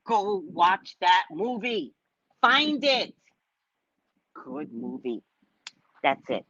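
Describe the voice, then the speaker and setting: A woman hosting a casual psychic livestream who tells stories in an animated, profane way. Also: on the low side, drawn-out words, long pauses, dry recording. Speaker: psychic reader and host. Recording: dull lo-fi sound.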